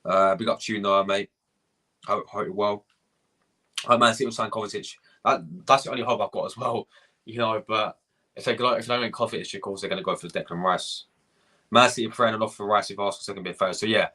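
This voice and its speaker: A young man rants on a live stream, swearing and going over the same point again and again. His voice is forceful and husky. He breaks off to greet people in the chat. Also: fairly low pitch. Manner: ranting, swearing, repeating himself. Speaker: fan channel host.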